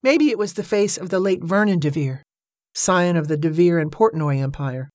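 Woman narrator, low voice, measured storytelling, dry close recording. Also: expressive, darkish tone, no room sound. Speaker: audiobook narrator. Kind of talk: scripted narration.

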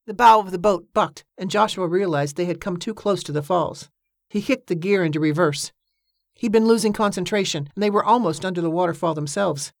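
A woman narrating a story in a measured, steady storytelling manner. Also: lowish voice, vocal fry, no room sound, clean studio sound. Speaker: audiobook narrator. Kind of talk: scripted narration.

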